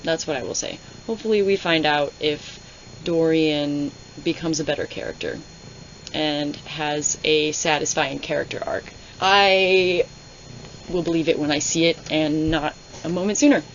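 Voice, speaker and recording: A young woman talks through a book at home in a low voice, wry and animated, and drops into mocking voices for the characters. The sound is dull and lo-fi, with a faint hiss behind her. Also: a little slow. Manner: sarcastic, animated reactions with mocking put-on voices. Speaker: book reviewer. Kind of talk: casual readalong commentary.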